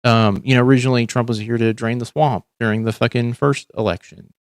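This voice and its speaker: A man's voice: medium pitch, fairly even intonation, brisk, no room sound. Male livestream host, mid-range voice, dry close sound, swears a lot and rambles with many fillers. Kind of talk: casual political chat.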